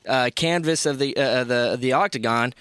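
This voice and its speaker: A man's voice: mid-range voice, normal speed, a bit bright, clean tone, dry recording, clean studio sound. A man recapping fight injuries eagerly on a radio show, with many fillers. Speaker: sports co-host. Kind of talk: casual sports recap. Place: radio studio.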